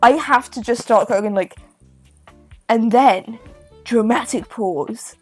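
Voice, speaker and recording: Slow-talking teasing woman streamer. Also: a little high, faint music behind. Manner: joking, teasing, crude. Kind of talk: casual gameplay commentary.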